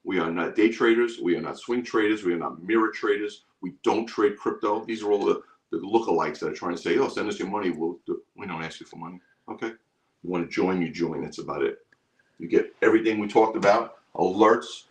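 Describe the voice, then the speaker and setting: A deep-voiced man hosts a live stream for his trading group, talking a little fast. His sales pitch is emphatic and repetitive.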